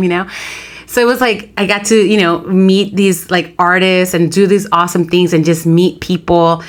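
A woman in her thirties, a podcast co-host, chatting casually and telling a lively story, acting out the voices of people she quotes. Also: on the low side, moderate pace. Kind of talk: casual chat.

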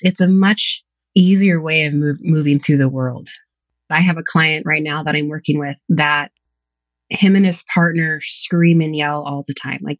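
On a podcast where she appears as a guest, a woman psychotherapist tells candid, reflective stories about her clients and herself. Her voice sits low, and there's no echo.

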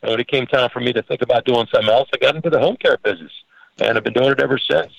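Man, home care owner, earnest and halting, mid pitch, dry close recording. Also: creaky, a bit bright, no echo, lo-fi sound. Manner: earnest, halting with many restarts and fillers. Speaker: podcast host and home care business owner. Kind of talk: conversational guest talk.

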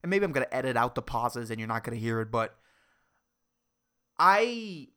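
Woman, solo podcast host, profane, rambling, self-interrupting, highly animated pitch. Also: moderate pace. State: over-caffeinated.

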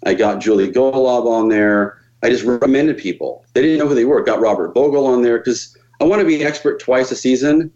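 Speaking briskly with hardly any pauses, a man with a medium-pitched voice tells stories as a guest on a podcast. He's animated and foul-mouthed, voicing the people he quotes, and the recording is muffled.

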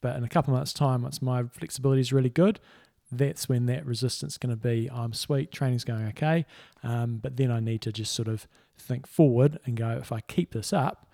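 A relaxed man co-hosting a podcast, talking casually in a mid-range voice. He explains things plainly, and his voice sounds dry and close, with no room around it. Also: mid-range voice, a little fast, gravelly, hardly any pauses, no echo. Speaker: podcast co-host. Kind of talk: casual chat.

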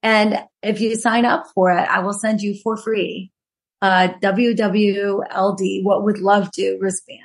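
A woman's voice: mid-range voice, little pitch movement, measured pace, breathy edge. A middle-aged woman who is a guest author, telling personal stories in a casual interview with frequent "you know"s.

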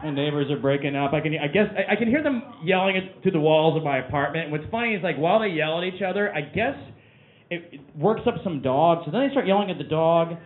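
A man's voice: fairly high pitch, animated, quick pace, slight background noise. A male stand-up comedian doing a rambling bit on stage in a comedy club. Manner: rambling, self-interrupting. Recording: tinny phone-like club recording. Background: audience laughter.

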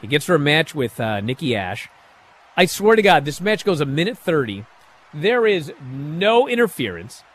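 Animated man recapping wrestling, lively pitch. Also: moderate pace. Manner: animated, sarcastic, acts out quotes in bursts. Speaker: wrestling show recap host. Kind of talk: casual recap commentary.

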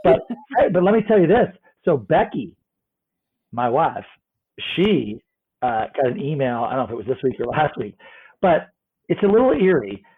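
A man co-hosting a podcast in casual chat, animated, laughing and swearing often. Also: mid-range voice, normal speed, slightly rough. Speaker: podcast co-host. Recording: tinny phone-like line.

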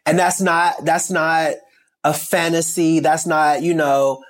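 A man's voice: on the high side, level tone, slow pace. A man from Chicago with a Chicago accent, a stylist talking candidly as an interview guest, emphatic and rambling with many restarts.

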